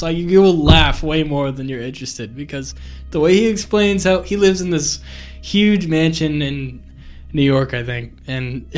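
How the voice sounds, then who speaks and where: A man co-hosting a podcast in casual chat, animated and quick to laugh, at times reading notes aloud. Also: mid-range voice. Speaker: podcast co-host.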